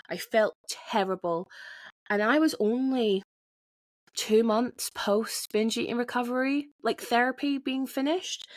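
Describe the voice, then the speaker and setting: A woman's voice: medium pitch, dry recording. A woman talks straight into a podcast mic. The sound is dry and close, with no room around her. She is frank and sweary, and she often breaks off and restarts her sentences. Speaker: podcast host. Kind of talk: candid solo podcast monologue.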